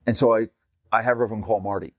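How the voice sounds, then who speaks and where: Middle-aged man, low voice, animated storyteller, stumbles at sentence starts, dry close mic. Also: fast, no echo. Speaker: podcast host and gym business coach. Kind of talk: casual conversational podcast.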